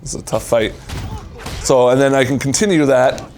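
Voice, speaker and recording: A man's voice: medium pitch, moderate pace, darkish tone. A man hosting a video game showcase, casually commenting and explaining as he plays, eager to show things off. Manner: eager, explaining while playing. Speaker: host demonstrating a video game.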